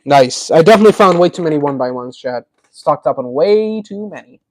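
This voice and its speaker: Man, livestream host, casual chat, answering viewers, slightly high voice. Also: animated, fairly quick, slight background noise, poor audio. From Tennessee. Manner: chatty, answers viewers' chat while building.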